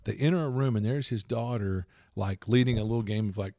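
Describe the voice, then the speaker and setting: A man co-hosting a casual chat, rambling through tabletop gaming stories with animated retellings. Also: on the low side, a little fast, no room sound, clean studio sound. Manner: rambling, animated storytelling with laughs. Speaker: podcast co-host and game master.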